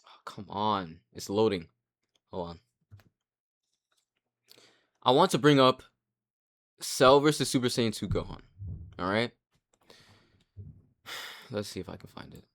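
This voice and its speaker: A young man giving casual commentary, rambling and excitable, with frequent restarts and casual swearing. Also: fairly low pitch, a little slow, long pauses. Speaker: anime commentary creator.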